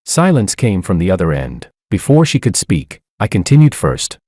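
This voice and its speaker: Deep-voiced man narrating a drama story. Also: huge pitch swings, moderate pace, few pauses, dark tone, no echo, studio quality. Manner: cool, detached first-person telling.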